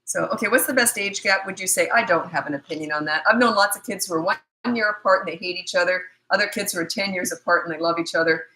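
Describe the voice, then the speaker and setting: A woman's voice: fairly low pitch, fast talker, hardly any pauses, bright, forceful tone, rough recording. A middle-aged woman from Canada, a parenting coach, answering viewer questions in a casual, blunt, matter-of-fact livestream chat.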